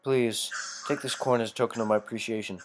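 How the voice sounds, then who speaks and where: A player voicing a grateful, pious man in a game, dropping into a low solemn tone. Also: steady tone, fast talker, faint music behind, close to an everyday voice.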